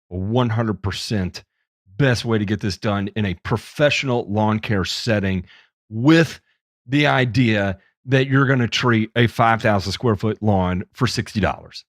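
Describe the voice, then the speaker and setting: A man's voice: fairly low pitch, dry recording, clean studio sound. A man hosting a casual livestream talk show, teasing his guests and talking in bursts with lots of restarts and fillers. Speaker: podcast host.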